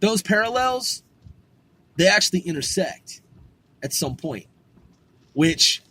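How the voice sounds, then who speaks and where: A man's voice: high-pitched, very animated, takes it slowly, sharp tone, husky. A man delivering a rambling, profane philosophical monologue, firing rhetorical questions at the listener and repeating himself. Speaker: vlogger.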